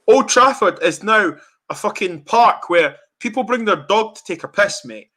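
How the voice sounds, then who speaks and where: A young man hosts a football reaction chat and rants in anger, swearing often. His voice sits high and swings widely in pitch. The tone is bright and forceful. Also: normal speed. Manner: angry, ranting, swearing, animated. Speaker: fan channel host.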